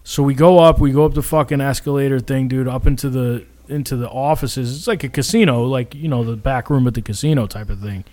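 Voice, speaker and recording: Brisk and barely pausing, a young Florida man with a mid-range voice spins a casual, rambling story as a podcast co-host. He curses frequently and animatedly shouts out other people's quotes.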